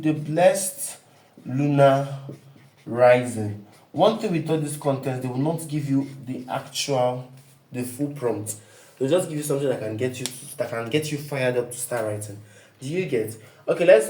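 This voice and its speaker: A man's voice: mid-range voice, warm tone. Emphatic male writing coach, echoey room. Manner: emphatic, asks "do you get me?" often; fill-in-the-blank questions to listeners. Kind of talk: online writing lesson.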